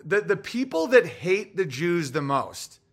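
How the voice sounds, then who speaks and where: Forceful, profane male podcast ranter. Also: high voice, sing-song, unhurried. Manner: profane, heated storytelling. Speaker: podcast host. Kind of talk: casual ranting monologue.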